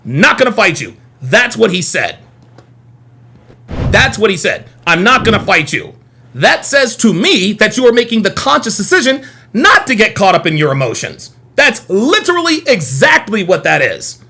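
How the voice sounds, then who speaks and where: Combative high-pitched male streamer. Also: sing-song, moderate pace, pushed and bright, slightly rough. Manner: combative, repetitive, profane. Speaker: host of a live call-in stream. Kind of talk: heated live stream commentary.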